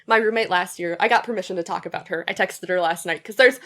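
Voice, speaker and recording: A young woman guest chatting casually on a podcast, telling animated stories and laughing often. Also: fairly low pitch, fast. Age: young adult. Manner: giggly, animated storytelling.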